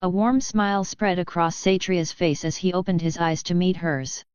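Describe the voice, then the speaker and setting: A woman narrates a web novel in an even, gentle storytelling manner. Her voice sits a little low and sounds smooth and clear. The recording is dry and close, with a slightly dull, lo-fi tone. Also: normal speed, dry recording. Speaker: audiobook narrator. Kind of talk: scripted narration.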